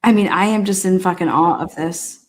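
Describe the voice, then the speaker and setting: A woman's voice: fairly low pitch, moderate pace. A woman hosting a trial commentary, reacting to courtroom video with constant swearing, laughter and outrage.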